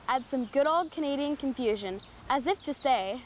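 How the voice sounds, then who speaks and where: A woman narrates a comic segment in a playful, tongue-in-cheek way. Her voice is high, with faint noise behind her. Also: expressive, normal speed, hardly any pauses.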